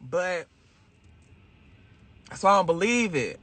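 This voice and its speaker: A man chatting casually on a livestream, emphatic and animated, repeating phrases for effect as he tells a spiritual story. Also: high voice, measured pace, slightly rough. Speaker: vlogger.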